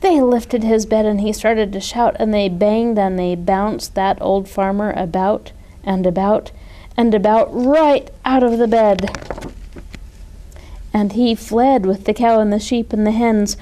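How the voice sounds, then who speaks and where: A woman who works as a children's librarian, reading a picture book aloud in a gentle, expressive storytelling voice. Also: a little high.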